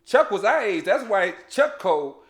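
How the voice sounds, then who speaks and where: A man telling a childhood story in casual chat, animated and laughing, full of slang and restarts. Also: high voice, normal speed. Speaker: podcast host. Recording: echoey room.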